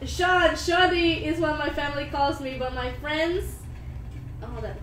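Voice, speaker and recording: A woman's voice: high-pitched, fairly even intonation, a little slow, fairly bright tone, far from the mic, slight background noise. A woman co-hosting a live drawing stream, giggling as she reads viewer comments aloud. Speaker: co-host reading live comments. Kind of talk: casual live-stream chat. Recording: roomy live-stream audio with music.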